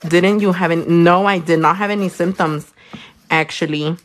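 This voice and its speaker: A young woman, a nail technician chatting casually on a livestream while she works. She tells stories animatedly, swears freely and jumps into squeaky high voices. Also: fairly even intonation, moderate pace.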